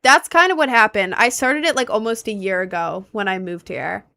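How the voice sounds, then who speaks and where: A young American woman with slight Southern and New York touches, chatting casually as a gaming streamer and repeating excited exclamations. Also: mid-range voice, normal speed, gravelly. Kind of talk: casual live-stream chat.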